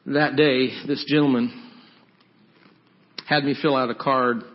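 A man's voice: mid-range voice, steady tone, measured pace, muffled recording. A man preaching as a pastor, earnestly pleading and leading the congregation in prayer during an altar call.

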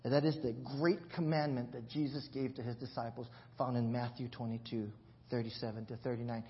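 A man's voice: medium pitch, little pitch movement, fairly quick. Man preaching a casual sermon, lo-fi. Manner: conversational, asks the congregation questions; jokes and laughs at himself. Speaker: pastor. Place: church.

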